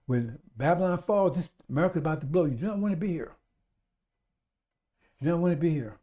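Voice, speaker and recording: Urgent, mellow-voiced male radio preacher. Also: fairly high pitch, animated, a little fast. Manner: urgent, repetitive exhortation; addresses listeners as brothers and sisters. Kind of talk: sermon on a live radio stream.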